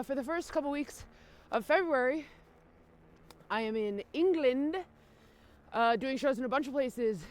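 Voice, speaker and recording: A woman comedian from Minnesota talking casually to camera while biking outdoors in freezing cold, teary-eyed and wry, swearing casually. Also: high voice. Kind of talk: casual vlog talk to camera.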